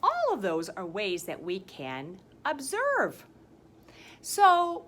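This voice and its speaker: A woman teaching a science lesson to young children, talking in a slow, sing-song teacher voice full of exaggerated enthusiasm. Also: mid-range voice, sharp tone, slight background noise. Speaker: kindergarten teacher. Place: school campus, partly outdoors.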